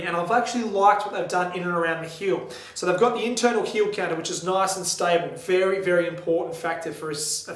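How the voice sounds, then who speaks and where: A man's voice: high-pitched, a bit bright. A man with an Australian accent giving a candid, friendly running shoe review to camera, with frequent ums and restarts. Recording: echoey room.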